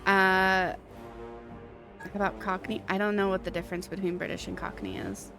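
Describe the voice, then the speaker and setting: A woman's voice: medium pitch, fairly even intonation, normal speed, sharp tone, faint music behind. A woman game streamer chatting casually with her live viewers, giggly and self-deprecating.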